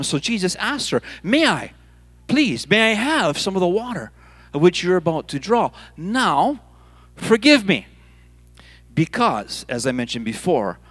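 Animated male pastor, lively high voice. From Hawaii. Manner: animated, playful storytelling, repeats words. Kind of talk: sermon. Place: church stage.

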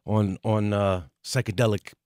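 A man's voice: on the low side, steady tone, measured pace, darkish tone, dry recording, clean studio sound. A man co-hosting a radio show, throwing in jokey asides. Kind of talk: radio studio banter.

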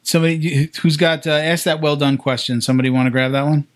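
A man's voice: fairly high pitch, fairly even intonation, fast. A man co-hosting a podcast in casual chat, following up and summing up the guest's points. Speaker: podcast co-host.

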